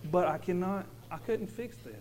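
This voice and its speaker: Earnest high-voiced man. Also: normal speed, a little mellow, slight background noise, rough recording. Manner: earnest, repetitive, emphatic with stumbling restarts. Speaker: father giving a church testimony. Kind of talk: personal testimony to a congregation.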